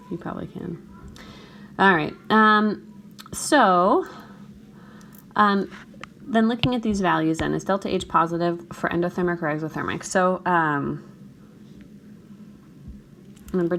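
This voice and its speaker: A woman with a voice on the low side, gravelly in a morning-voice way, talks through a chemistry problem in a recorded screencast lecture. She regularly checks in with her students, and a little hiss or hum can be heard.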